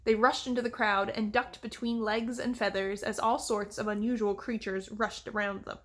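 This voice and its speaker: A woman reading a children's fantasy novel aloud in a steady, even storytelling manner. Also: medium pitch, normal speed. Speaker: reader. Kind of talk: audiobook reading.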